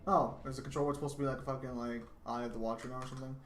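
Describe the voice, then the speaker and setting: A man streaming a video game and commenting live, frustrated and sweary, ranting and sometimes yelling at the game. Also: mid-range voice, steady tone, very fast. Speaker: gamer streaming a match. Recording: echoey room with background noise.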